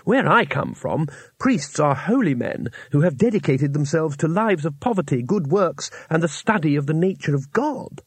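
A man reading an audiobook, voicing an eager, naive male tourist in a lighter, husky voice full of enthusiasm. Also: animated, moderate pace, few pauses, no room sound. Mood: earnest. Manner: enthusiastic, higher and lighter than the narration.

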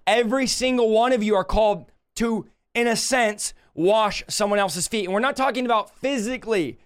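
A man preaching a livestreamed sermon, emphatic and impassioned, slowing down to draw out scripture quotes and rising sharply when he rebukes. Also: high-pitched, clear, resonant tone. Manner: slows to drawn-out delivery when quoting scripture.

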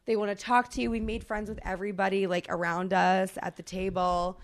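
A woman with a medium-pitched voice and brisk delivery co-hosts a podcast, telling a lively travel story in casual talk full of fillers and swearing.

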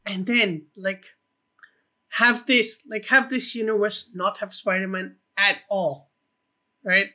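A man with a high, bright voice co-hosting a casual film podcast. He pitches ideas eagerly, swearing freely and leaning on fillers as he goes. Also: steady tone, takes it slowly. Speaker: podcast co-host.

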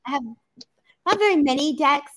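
Woman hosting a psychic live chat on a video call, kinda high voice, super effusive and emotional. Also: expressive, moderate pace, a bit bright. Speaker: psychic medium, live-stream host. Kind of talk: casual live-stream chat.

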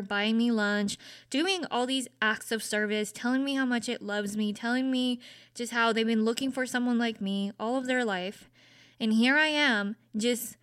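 A woman's voice: on the high side, a bit bright, smooth, no echo, clean studio sound. A young woman hosting a podcast, talking through her thoughts in an earnest, self-searching way with lots of casual fillers. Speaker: podcast host. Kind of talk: casual reflective monologue.

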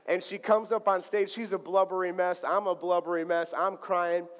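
High-voiced male pastor in an echoing hall. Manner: animated, acts out dialogue playfully. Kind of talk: sermon with personal storytelling. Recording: long hall reverb.

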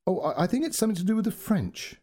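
A man's voice: sits high, big pitch swings, fast talker, warm tone, voice pushed up. Man doing a stammering young language teacher. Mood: explaining. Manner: stammering, hesitant.

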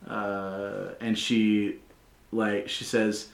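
A man narrating a tabletop game as game master, casual and loose, full of "like" and quick laughs. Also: fairly low pitch, a bit bright. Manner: casual, lots of "like", laughs often. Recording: roomy echo.

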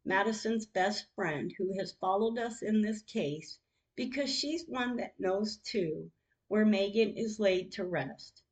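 Slow, heartfelt woman podcaster. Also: mid-range voice. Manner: emotional, heartfelt. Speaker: podcast host. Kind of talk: reading out her own text messages.

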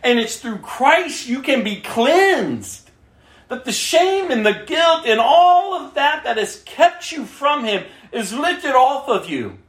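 Slow, emphatic woman preaching in an echoey room. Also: high voice, big pitch swings. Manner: slow, emphatic, acts out quoted prayers. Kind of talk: sermon. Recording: roomy echo.

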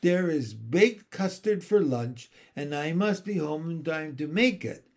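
A man voicing a prim, stern nanny who speaks crisply and with some contempt. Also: on the high side, animated, unhurried. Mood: brisk. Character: prim, stern nanny woman, brisk and superior.

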